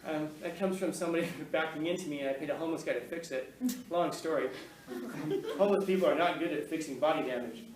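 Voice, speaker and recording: A man's voice: fairly high pitch, fast talker, a little mellow, distant mic, a little hiss or hum. A man giving a casual talk to an audience, telling stories in a rambling, conversational way with frequent laughs and restarts. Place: room with an audience, recorded on camera. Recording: echoey room, voice from off-mic, faint ambience.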